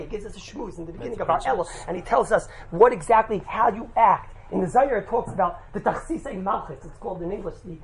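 A man teaching a religious class, telling a lively anecdote with laughs and quick "right?" asides, mixing in Yiddish and Hebrew terms. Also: sits high, poor audio. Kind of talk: animated storytelling talk to a group.

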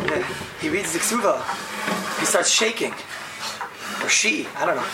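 A man telling an animated story to listeners, laughing often and acting out the people in it. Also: on the high side, normal speed, gravelly, pauses often, heavy background noise. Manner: lively, laughing, acts out voices, frequent "right?". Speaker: speaker telling a story to a group.

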